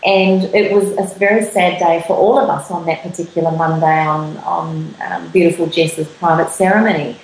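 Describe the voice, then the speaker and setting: Low-voiced woman podcast host, roomy sound. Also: steady tone, moderate pace, few pauses, a little hiss or hum. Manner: warm storytelling, repeats phrases as she gathers thoughts. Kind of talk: reflective podcast conversation.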